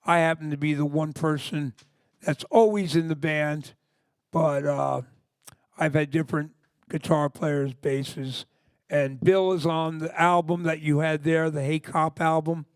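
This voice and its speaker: A man's voice: fairly high pitch, steady tone, measured pace, clean tone, no room sound, studio quality. A man in his sixties, a punk singer, telling stories in a rambling, enthusiastic way during a live interview before an audience. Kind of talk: casual live interview talk. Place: library music department before an audience.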